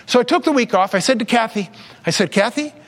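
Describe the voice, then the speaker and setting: A man's voice: very high voice, lively intonation, fast talker, fairly bright tone. A man in his fifties, a pastor preaching a sermon, telling stories and mimicking the voices of people he quotes. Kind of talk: sermon with storytelling. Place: church sanctuary with long reverb. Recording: reverberant church hall.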